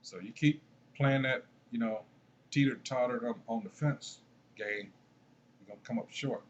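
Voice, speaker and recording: A man's voice: mid-range voice, normal speed, highs cut off, a little hiss or hum. A man commenting casually on a video, rambling and trailing off as he searches for things.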